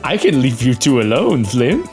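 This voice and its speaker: A man's voice: mid-range voice, big pitch swings, moderate pace, a little mellow, soft background music. A man taking part in a tabletop game, teasing and giggly in his in-character banter. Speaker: player.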